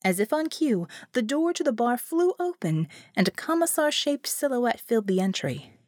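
A woman narrating an audiobook in an expressive storytelling manner. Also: a little high, moderate pace, no room sound, clean studio sound. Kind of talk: scripted narration.

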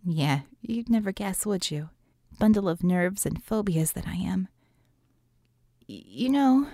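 A blunt young woman mage, chatty and self-mocking, with a warm, slightly husky tone, as a woman reads her in an audiobook. Her voice sits close and dry. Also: mid-range voice, animated, unhurried, no room sound. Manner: chatty, offhand. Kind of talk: audiobook reading.

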